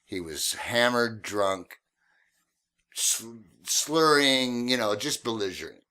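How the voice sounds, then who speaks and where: A man who drives a cab, hosting a podcast and telling taxi stories in a casual, animated way, often laughing. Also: lowish voice, normal speed. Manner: animated, laughing, swearing storyteller.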